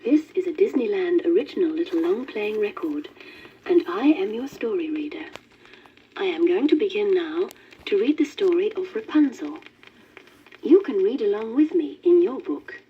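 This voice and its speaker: A woman reading a children's storybook aloud in a gentle, lilting manner. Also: mid-range voice, expressive, moderate pace. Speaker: story reader. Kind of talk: scripted storybook narration. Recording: dull worn vinyl record with faint hiss.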